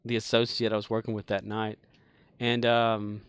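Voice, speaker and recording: A man's voice: fairly low pitch, monotone, moderate pace, clear, resonant tone, no echo. A man streaming a game, telling a long casual story in a rambling way with many fillers and chuckles. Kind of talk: casual storytelling while gaming.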